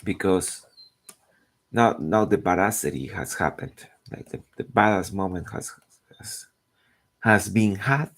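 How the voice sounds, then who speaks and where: A man's voice: low voice, unhurried, long pauses, a bit bright. A man chatting casually while drawing, rambling and searching for words. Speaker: artist narrating his drawing.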